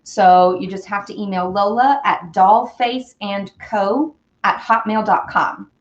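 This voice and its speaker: A woman's voice: medium pitch, takes it slowly, dull audio. A woman hosting a casual baking livestream from her home kitchen, chatting bubbly with viewers and reading their comments. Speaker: baking livestream host and singer.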